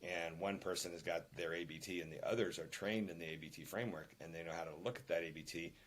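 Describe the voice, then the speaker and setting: An older man, a podcast guest and author, telling anecdotes in an animated, emphatic way. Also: low voice, fast talker, slight background noise. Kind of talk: conversational interview.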